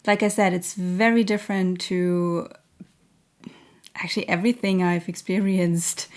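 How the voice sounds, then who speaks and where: A woman giving a spiritual reading to camera, gentle and earnest, hesitant and searching with many pauses and fillers. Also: medium pitch. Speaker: intuitive reader.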